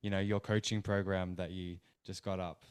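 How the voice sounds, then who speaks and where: A man hosts a podcast and briefly, politely prompts his guest. His voice is low and smooth. The sound is dry and close. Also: flat delivery, moderate pace, no room sound. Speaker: podcast host. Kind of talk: podcast interview.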